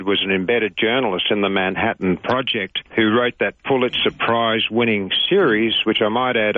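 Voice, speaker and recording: A man's voice: lowish voice, no echo. A man from Australia, a radio interview guest telling stories in a digressive, self-correcting way. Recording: phone-line radio call.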